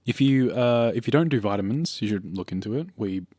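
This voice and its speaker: A man's voice: lowish voice, animated, fairly quick, darkish tone, dry recording, studio quality. A man co-hosting a podcast, rambling and joking in a laid-back, casual chat. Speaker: podcast co-host.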